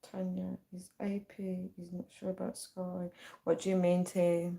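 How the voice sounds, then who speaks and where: A woman's voice: fairly low pitch, completely flat delivery, a little slow, gravelly, mellow. Giggly woman chatting on a livestream. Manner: chatty, giggly, reads comments aloud. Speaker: livestreamer reading chat. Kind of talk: casual live-stream chat. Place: at home late at night.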